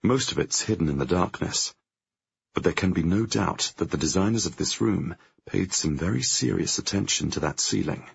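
A man narrating a first-person audiobook in a tense, measured way, with a gravelly, husky voice. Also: sits low, animated. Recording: dry, dull lo-fi audio.

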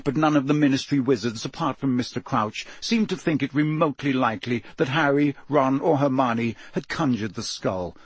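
A man narrating an audiobook with a dramatic, expressive reading. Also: mid-range voice, moderate pace, hardly any pauses, husky, no echo.

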